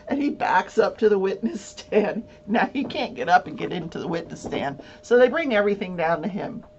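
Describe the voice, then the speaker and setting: A woman's voice: medium pitch, expressive, moderate pace, darkish tone. A woman hosting a casual talk show, telling a long story with many fillers and frequent laughter. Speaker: host. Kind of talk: casual chat. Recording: dull lo-fi with faint hum.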